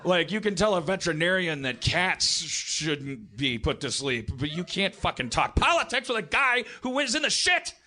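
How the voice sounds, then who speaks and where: A man's voice: sits high, sing-song, moderate pace, few pauses, pushed and bright. A man hosting a live comedy podcast, telling a rambling story on stage, breaking off and restarting his sentences often. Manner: rambling, self-interrupting, lots of restarts.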